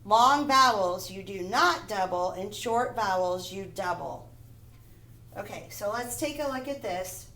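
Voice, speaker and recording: Slow, patient first grade teacher woman. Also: medium pitch, animated, bright, forceful tone. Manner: slow, deliberate, spells words out letter by letter; repeats words and checks with "okay?" and "right?". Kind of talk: recorded phonics lesson.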